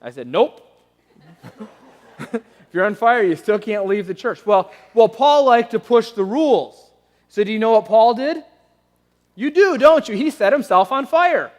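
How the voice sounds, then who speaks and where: A man preaching a sermon as pastor, telling a story with animation and then turning soft and pleading. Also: high voice, lively intonation, moderate pace. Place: church auditorium. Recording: long reverb of a church hall.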